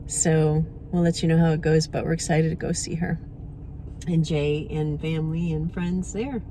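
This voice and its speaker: Chatty woman vlogging, lowish voice. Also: fairly even intonation, moderate pace, mellow, a little hiss or hum. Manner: chatty, cooing baby talk to her dog. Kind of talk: casual vlog chat.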